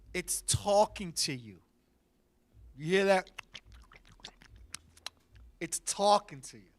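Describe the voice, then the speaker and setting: A man hosting a talk show in a studio, telling a comedic story with loud bursts and laughing asides. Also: sits high, takes it slowly, pauses often. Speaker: podcast host.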